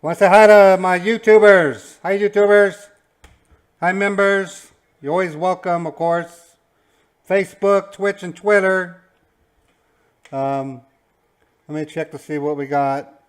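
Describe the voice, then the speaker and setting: Man, stream host, casual, loose and relaxed, fillers, slightly higher pitch. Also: a little slow, long pauses, clean tone. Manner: relaxed, greets viewers, many fillers. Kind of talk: casual live-stream chat.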